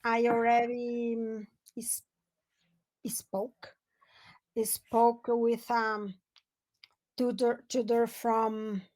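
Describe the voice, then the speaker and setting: A Brazilian woman practices English on a video call in a Portuguese accent. She talks slowly and haltingly, full of fillers and small laughs, in a fairly high voice. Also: little pitch movement, darkish tone. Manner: hesitant, halting, many fillers, nervous laughs. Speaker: English learner. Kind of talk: casual online lesson chat.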